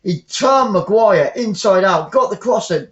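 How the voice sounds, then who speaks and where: A man's voice: sits high, lively intonation, unhurried. A man giving chatty live football fan commentary, reading out viewer comments as play goes on. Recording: roomy, dull lo-fi sound.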